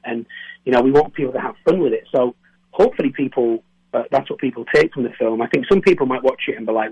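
A man from near Newcastle with a softened northern English accent, a film director answering interview questions in a hesitant way, repeating words and laughing often. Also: medium pitch, husky, dry recording, muffled recording. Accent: northern English, softened toward standard. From northern England, near Newcastle. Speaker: film director and co-writer, guest.

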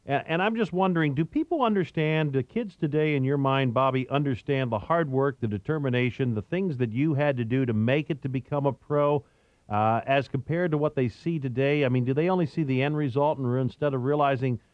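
A man hosting a call-in radio show, taking callers and asking steady, measured questions. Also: medium pitch, no echo, lo-fi sound.

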